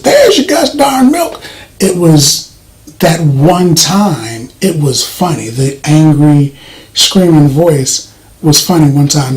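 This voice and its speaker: Soft-spoken man, slightly high voice. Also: poor audio. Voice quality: voice does not carry, soft-spoken. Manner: rambling, hesitant, frequent fillers and restarts. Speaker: movie reviewer. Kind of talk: casual spoken review.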